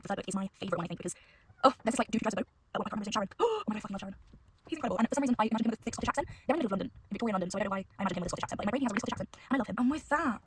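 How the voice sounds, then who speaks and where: A woman's voice: mid-range voice, lively intonation, rapid-fire, noisy background. Gushing, chatty woman book vlogger. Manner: gushing, chatty, enthusiastic about books. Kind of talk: casual chat to camera.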